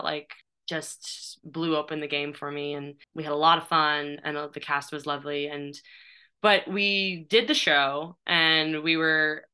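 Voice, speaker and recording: Chatty woman in her 30s rambling through an interview, bright clear voice, lotsa "like"s. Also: fairly low pitch. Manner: chatty, rambling, many fillers and restarts. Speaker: playwright and performer, guest. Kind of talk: casual interview chat.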